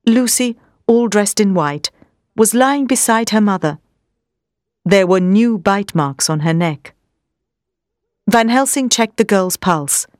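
Brief: a woman narrator with a middle-pitched voice who reads a story at a steady, measured pace. The recording is dry and close. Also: dry recording. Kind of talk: storybook reading.

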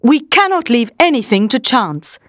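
A woman's voice: on the high side, very animated, moderate pace, no room sound. A woman voicing an old male professor, firm and reassuring, in close to her own voice. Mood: resolute. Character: old male professor, calm, protective and resolute.

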